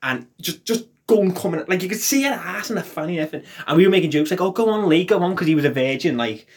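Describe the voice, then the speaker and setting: A man with a slightly high voice tells a crude tale with a straight face in a casual podcast chat. He swears freely and builds up to a pun. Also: quick pace, slight background noise. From England. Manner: sweary, deadpan tall-tale telling. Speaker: podcast co-host.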